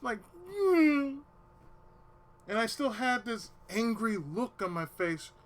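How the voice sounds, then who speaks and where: A man's voice: high voice, measured pace, a bit bright. A man telling a long personal story to his stream in casual, swearing-heavy talk, sometimes dropping to a near whisper to quote himself. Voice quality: swears a lot, drops to a whisper when quoting himself.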